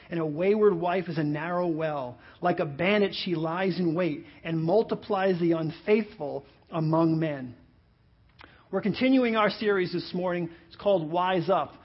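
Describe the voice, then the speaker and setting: Husky-voiced pastor preaching. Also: male voice, high voice. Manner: conversational, asks many rhetorical questions. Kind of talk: sermon. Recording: muffled lo-fi audio.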